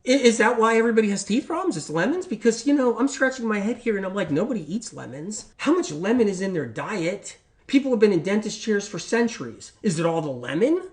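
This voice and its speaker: Middle-aged guy ranting on a health talk, kinda high voice, loud then quiet, keeps repeating himself and asking questions. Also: very animated, fairly quick, slightly rough, dry recording. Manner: swings between loud outbursts and low-key talk. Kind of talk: animated monologue.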